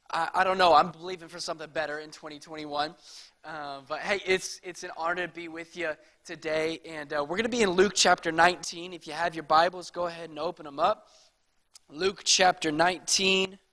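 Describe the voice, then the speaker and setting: Male guest preacher, thirties, high bright voice, conversational sermon that rises to passion. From Texas. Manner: chatty storytelling, builds to passionate preaching.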